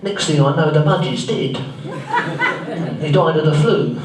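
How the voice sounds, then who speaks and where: A man's voice: a little high, unhurried, a crowd in the background, close to an everyday voice. Man doing a bumbling, naive Frank Spencer. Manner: naive, earnest, rambling storytelling full of mishaps. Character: bumbling, well-meaning, accident-prone grown man. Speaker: stand-up tribute performer. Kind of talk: live comic monologue in character. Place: theatre stage. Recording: very echoey live room, mic far off.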